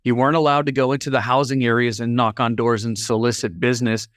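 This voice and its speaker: A man of middle pitch telling a personal story as a podcast guest. He is animated and acts out each line of dialogue. The sound is dry and close to the mic. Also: fast, no room sound.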